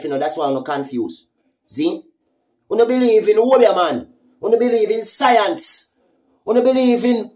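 In a mid-range, slightly mellow voice, a Jamaican-accented social media commentator goes off in a fiery, foul-mouthed vlog, hammering someone with mocking questions again and again.

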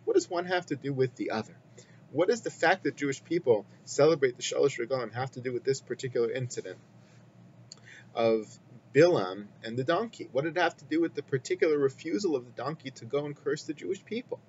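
A man giving a weekly Torah lesson in a measured, explanatory way, weaving in Hebrew quotations. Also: medium pitch, expressive. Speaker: Torah teacher. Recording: slightly muffled with faint hum.

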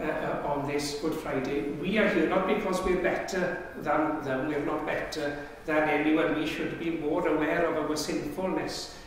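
Male pastor preaching slow, kinda high voice, big echoey church, mic far off. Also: slight background noise. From Wales. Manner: earnest, conversational preaching with rhetorical questions. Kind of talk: sermon.

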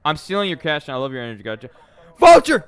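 A man streaming a game live, excitable and easily flustered, with plenty of swearing, close on a desk mic at home. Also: mid-range voice, racing, smooth, no echo. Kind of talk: live-stream gaming commentary.

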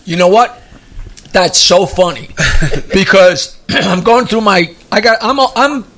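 A man's voice: high voice, slow pace, a bit bright. A male comedian chatting casually as a guest and telling jokes in a rambling style, chuckling as he goes. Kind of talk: casual chat and joke telling.

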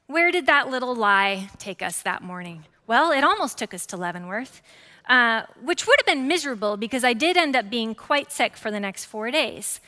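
A woman in her forties preaching a sermon as pastor, lively and conversational, with frequent asides to the congregation. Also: fairly high pitch. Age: 40s. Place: church sanctuary. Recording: church hall with long reverb.

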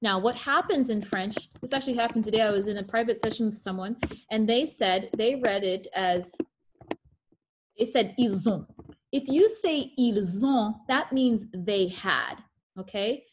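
A woman's voice: a little high, normal speed, background noise. A woman teaching French pronunciation in an online class over a video call. She reads French examples carefully and adds playful asides.

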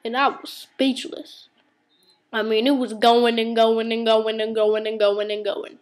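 A woman's voice: fairly high pitch, little pitch movement, unhurried. A woman ranting to a webcam in a room, boastful and rambling, cursing constantly as she tells tall stories. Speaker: vlogger. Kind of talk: comic profane rant to camera. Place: indoor room.

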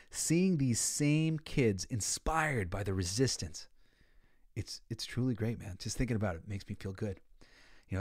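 Man, podcast host, casual commentary, emotional, shifts from soft to excited, dry close mic. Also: lowish voice, no echo. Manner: emotional, animated, swings between soft and excited. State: tearful.

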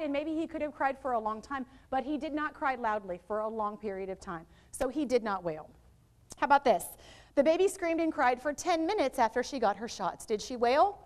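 A woman presenting a literacy workshop to teachers, lively and quizzing her live audience with questions. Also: sits high. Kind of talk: interactive teacher training workshop. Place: training room with live audience.

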